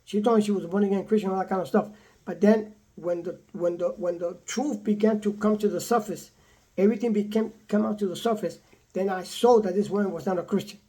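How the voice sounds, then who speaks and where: An older man casually telling a personal story in a repetitive, animated way, quoting the people in it. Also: high-pitched, fairly quick, breathy edge. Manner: repetitive, animated retelling with acted quotes. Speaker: vlogger telling his own story.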